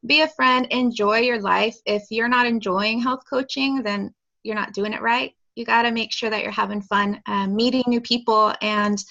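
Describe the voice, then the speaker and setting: Uma mulher, coach de saúde, dando dicas à equipe de forma simpática e encorajadora. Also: female voice, fairly high pitch, steady tone, moderate pace, creaky, bright, forceful tone, muffled recording. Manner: friendly and encouraging. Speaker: health coach sharing tips. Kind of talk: casual team presentation.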